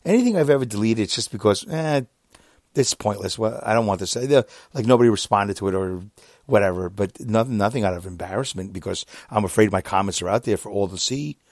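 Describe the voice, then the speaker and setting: A man in his fifties, a podcaster, telling a long casual story about an online argument, exasperated and animated, his voice often jumping up high. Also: fast, dry recording, studio quality. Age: 50s. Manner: animated, exasperated, with sudden jumps up in pitch; reads out messages.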